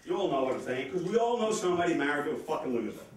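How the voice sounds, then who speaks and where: A nervous man doing a fast, profane stand-up comedy set on a club stage, with the audience laughing behind him. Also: fairly high pitch, recorded from a distance. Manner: fast, excitable, profane delivery. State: nervous, sweating. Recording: echoey club audio from afar.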